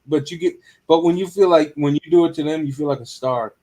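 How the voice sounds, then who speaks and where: A man's voice: fairly high pitch, fast talker, dark tone. A man on a casual late-night livestream chat, talking loosely, swearing, and laughing often.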